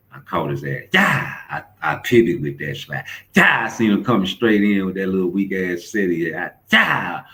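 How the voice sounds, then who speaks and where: This boxing commentary host has an extremely low-pitched voice, heard on a low-quality recording. His casual rant is rambling and profane, with stories stuffed with repeated fillers.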